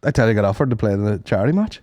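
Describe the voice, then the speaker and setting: A man co-hosting a podcast, chiming in with quick wisecracks and swearing in casual banter. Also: fairly low pitch, expressive, darkish tone. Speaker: podcast co-host.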